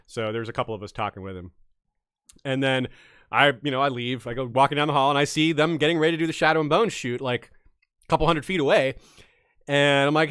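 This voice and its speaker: A man's voice: mid-range voice, fast talker, fairly bright tone, clean tone, no room sound, clean studio sound. Emphatic man telling a story. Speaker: podcast co-host. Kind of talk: casual storytelling chat.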